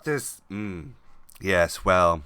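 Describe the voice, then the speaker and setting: A man's voice: low voice, lively intonation, drawn-out words, bright, forceful tone, clear, resonant tone, no echo. A man running a tabletop game as game master, chatty and laughing often mid-sentence. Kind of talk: narrating a tabletop game over voice chat.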